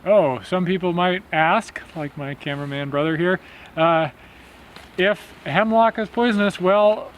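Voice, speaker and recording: High-voiced male botany teacher outdoors. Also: slight background noise. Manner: friendly, explanatory, quizzing. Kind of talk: field lesson and storytelling.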